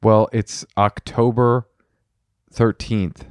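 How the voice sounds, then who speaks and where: A man's voice: lowish voice, takes it slowly, dry recording, studio quality. A man in his thirties co-hosting a casual comedic podcast, telling rambling stories with lots of restarts. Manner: animated, rambling storyteller with restarts. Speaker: podcast co-host.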